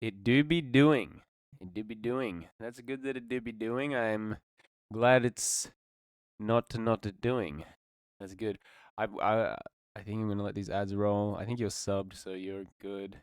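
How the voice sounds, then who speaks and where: A man's voice: lowish voice, steady tone, measured pace, clean tone, dry recording, studio quality. A man streaming live, chatting casually with his viewers in a laid-back, slangy way. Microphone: desk mic. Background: faint background music.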